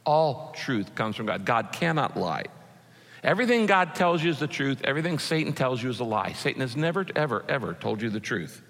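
A man's voice: medium pitch, big pitch swings, fairly quick, creaky, fairly bright tone. Emphatic preaching man in a reverberant hall. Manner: emphatic preaching, repeats key phrases. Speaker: pastor. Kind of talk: sermon. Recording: echoey hall with long reverb.

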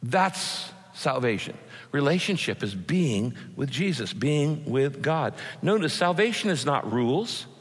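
A man's voice: medium pitch, big pitch swings, measured pace. A man preaching a sermon as pastor, emphatic and repeating his key phrases. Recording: echoey hall with long reverb.

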